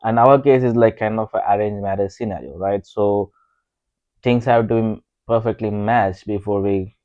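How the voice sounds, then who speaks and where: A young man with an Indian accent talks casually on a couples podcast, his low voice full of pauses and fillers. The sound is dry and a little dull, recorded close with no room around it. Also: fairly even intonation, darkish tone, no echo. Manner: hesitant, many fillers, self-deprecating. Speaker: podcast co-host. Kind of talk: casual conversation.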